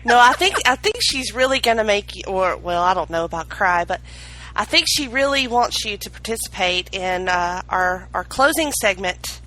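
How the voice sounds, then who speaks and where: A woman's voice: mid-range voice, expressive, moderate pace, sharp tone, poor audio. A woman co-hosting a podcast, rambling hesitantly with many fillers. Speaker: podcast co-host.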